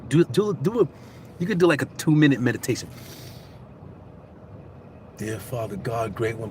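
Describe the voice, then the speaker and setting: Male vlogger, preachy storyteller, a bit high-pitched, faint street noise behind. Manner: animated storytelling, preachy and repetitive. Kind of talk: casual motivational monologue.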